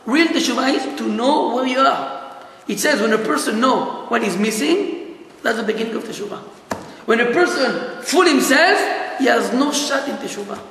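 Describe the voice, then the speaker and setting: Male rabbi, animated teacher, very high voice, echoey room. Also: normal speed, slight background noise. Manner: animated, laughs often, questions the audience. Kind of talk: lively Torah lesson. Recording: echoey hall.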